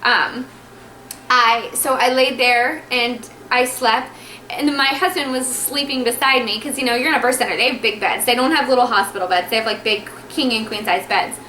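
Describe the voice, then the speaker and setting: Woman vlogger, chatty animated storyteller, bright sharp tone, faint room hum behind. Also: on the high side, normal speed. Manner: chatty, animated, acts out dialogue. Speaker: vlogger telling her birth story. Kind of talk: casual storytelling to camera. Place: at home. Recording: echoey room, faint ambience.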